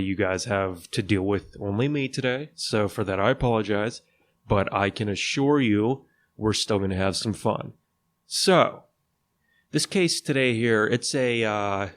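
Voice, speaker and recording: Laid-back low-voiced man hosting a podcast. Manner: laid-back and jokey, says "dude" a lot. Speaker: podcast host. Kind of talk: casual solo legal podcast chat.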